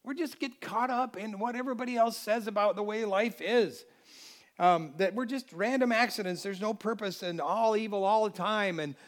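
A man from the United States preaching a Christmas sermon, animated, swinging between loud exclamations and quiet asides. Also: high-pitched.

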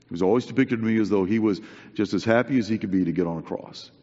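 A male preacher gives a sermon in an earnest, conversational way, repeating points for emphasis. His voice is lowish and dark, at a quick pace. The recording is dull, with long hall reverb.

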